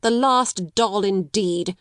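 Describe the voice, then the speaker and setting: A woman narrator voicing a harsh, domineering middle-aged schoolmistress with a sharp, cold, scolding manner. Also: medium pitch, takes it slowly, dry recording, studio quality. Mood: contemptuous.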